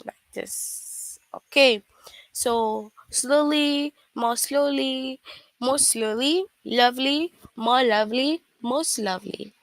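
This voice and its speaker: A woman teaching an online English class, patient and repeating examples slowly. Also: sits high, dry recording.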